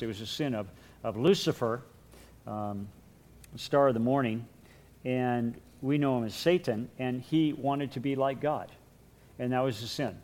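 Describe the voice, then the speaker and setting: A man's voice: mid-range voice, a little mellow. A man teaching a Bible class in a conversational lecture, with repeated words and light chuckles.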